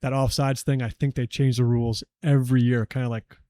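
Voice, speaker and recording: A man in his forties and a father of three, talking candidly and low-key in a casual podcast chat. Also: level tone, a little fast, dark tone, dry recording. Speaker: podcast guest.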